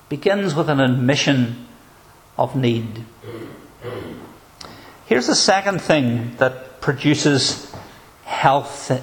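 A man preaching a sermon in an earnest, measured way, asking probing rhetorical questions. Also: mid-range voice, a little hiss or hum.

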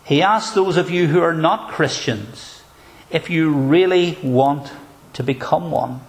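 A man preaching a sermon in an earnest, measured way, asking probing rhetorical questions. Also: fairly high pitch.

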